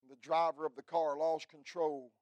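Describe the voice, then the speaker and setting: Male pastor, middle-aged, fervent sermon voice, a bit high, dry close sound, loud peaks to quiet lows. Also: little pitch movement, moderate pace, no echo. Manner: preachy, swings from shouting to hushed. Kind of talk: fiery revival sermon.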